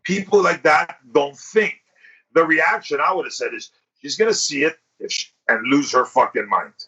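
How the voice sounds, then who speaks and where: A man's voice: on the high side, normal speed, bright, forceful tone, breathy edge. A male podcast host in casual chat, telling crude stories full of swearing and acting out what people said. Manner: crude, profane storytelling, acts out quotes. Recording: lo-fi podcast recording.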